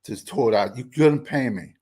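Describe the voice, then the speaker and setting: A man's voice: medium pitch, moderate pace, warm tone, slightly rough. A man arguing football in a heated sports debate, sarcastic and insistent, repeating his questions. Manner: sarcastic, argumentative, repeats himself.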